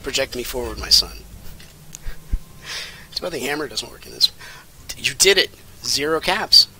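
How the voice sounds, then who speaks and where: A man in his thirties giving casual, rambling and jokey commentary while playing a game, with sudden excited outbursts. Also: medium pitch, moderate pace, soft background music. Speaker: let's play commentator.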